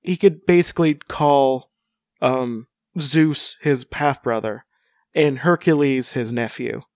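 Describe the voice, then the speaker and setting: A man's voice: medium pitch, slow pace, a little mellow, no room sound, studio quality. A man co-hosting a casual comic-book chat, rambling with many fillers and restarts. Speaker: podcast co-host.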